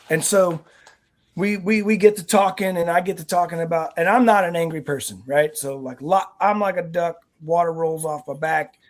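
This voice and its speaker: A guest on a veterans' talk show telling stories in an earnest, rambling way with many restarts. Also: mid-range voice. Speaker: guest, nonprofit team member. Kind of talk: conversational interview answers.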